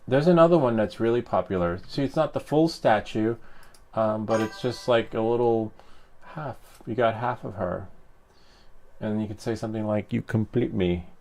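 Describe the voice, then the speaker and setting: A man's voice: medium pitch, creaky, a little mellow, a little hiss or hum. A man chatting casually with his live-stream viewers, rambling and teasing with many fillers and chuckles. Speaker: live streamer and 3D printing hobbyist.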